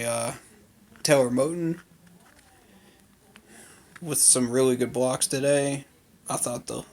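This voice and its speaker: A man giving an unscripted recap of a training day, talking loosely with lots of fillers and firm opinions. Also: medium pitch. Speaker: fan commentator. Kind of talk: casual recap vlog.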